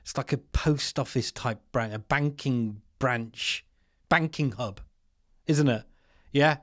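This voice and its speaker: A man's voice: medium pitch, slow, a bit bright, no room sound, clean studio sound. A man, hosting an opinionated commentary with exasperated, sarcastic asides and slangy remarks. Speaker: commentary channel host.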